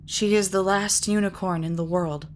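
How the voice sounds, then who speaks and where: A woman's voice: medium pitch, fairly even intonation, normal speed, slight background noise, natural voice. A woman voicing a proud, moody male wandering magician in a storybook reading. The voice stays earnest and clipped. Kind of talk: audiobook character reading.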